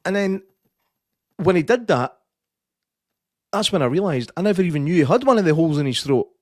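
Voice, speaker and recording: A man's voice: on the high side, animated, a little fast, darkish tone, dry recording, clean studio sound. A Scottish man co-hosting a film-review podcast, telling stories in a sweary, ranting way. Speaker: podcast co-host. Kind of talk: casual chat, film review. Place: studio.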